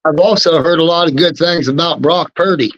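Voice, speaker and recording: A man's voice: fairly high pitch, a little fast, fairly bright tone, no echo, muffled recording. A man co-hosting a casual sports chat, answering in short, laid-back remarks. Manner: brief, laid-back replies. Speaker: co-host.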